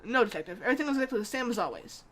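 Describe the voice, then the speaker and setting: A woman's voice: on the high side, lively intonation, rapid-fire, fairly bright tone. A woman voicing a folksy, rambling middle-aged male neighbor who drinks whiskey, reading video game dialogue aloud.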